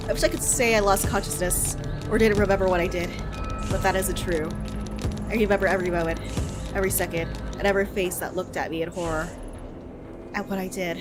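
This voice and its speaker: A woman reading the narration of a haunted woman detective in a game, in a low, hushed, somber voice. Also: steady tone, a little fast, music in the background, close to an everyday voice. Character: haunted woman detective recalling her own deed.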